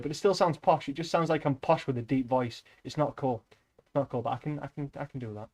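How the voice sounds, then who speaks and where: A young man chats casually to his stream viewers. He rambles and wanders off topic, drops swear words without a thought, and keeps his voice at an ordinary middle pitch. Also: fast talker, a little mellow. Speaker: livestreamer.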